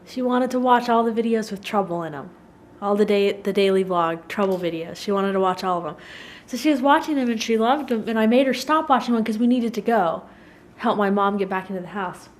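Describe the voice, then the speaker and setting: A woman's voice: mid-range voice, slight background noise. A woman vlogger chatting to her camera at home, telling a story in a rambling, emotional, giggly way. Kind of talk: casual chat to camera.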